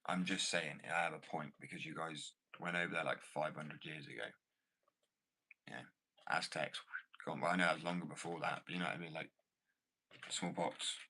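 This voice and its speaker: A man from Wales talks in a loose, rambling way, full of swearing and "bro." His voice sits very low but has a bright, forceful edge. He sounds like someone chatting casually on a stream. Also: normal speed, creaky, long pauses, breathy edge, poor audio. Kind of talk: casual chat.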